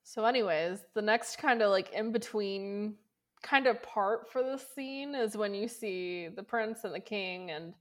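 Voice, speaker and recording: A woman's voice: medium pitch, unhurried. A woman co-hosting a casual podcast, chatting and laughing often as she talks. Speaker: podcast co-host. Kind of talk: casual chat.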